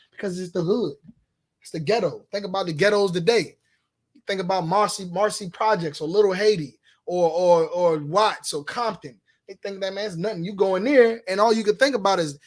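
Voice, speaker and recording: High-voiced man preaching hard. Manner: preachy, repeats "you understand?". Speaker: street preacher. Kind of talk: preaching history class.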